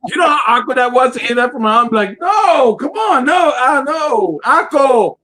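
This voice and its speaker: A man co-hosting a casual movie review chat, telling animated stories and acting out relatives. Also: very high voice, normal speed. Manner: animated storyteller, acts out relatives. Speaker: podcast co-host.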